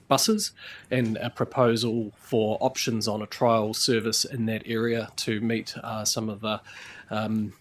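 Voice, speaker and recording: A man chairing a council meeting in a procedural, halting way with many fillers, at a chamber table microphone. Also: mid-range voice.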